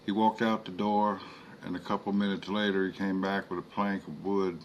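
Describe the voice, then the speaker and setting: A man narrating a horror story in a slow, measured reading. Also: low-pitched, little pitch movement, lo-fi sound, a little hiss or hum.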